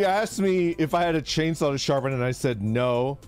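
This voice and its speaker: A man with a mid-range, somewhat dark voice streams a casual morning chat at a moderate pace, his intonation lively. He tells a story, laughs often, and greets viewers by reading their chat names aloud. Faint music plays behind him.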